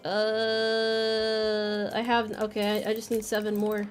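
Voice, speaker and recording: A woman's voice: on the high side, completely flat delivery, slow pace, soft background music. A young American woman streaming a game, chatting casually and playfully, reading chat messages aloud and joking about herself. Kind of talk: casual live-stream chat while gaming.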